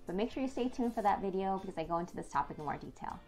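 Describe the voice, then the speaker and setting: A woman in her thirties, an expert on child development, explaining discipline clearly with the odd filler. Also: on the low side, expressive, very fast, few pauses, a little mellow, faint music behind. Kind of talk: educational talk to camera.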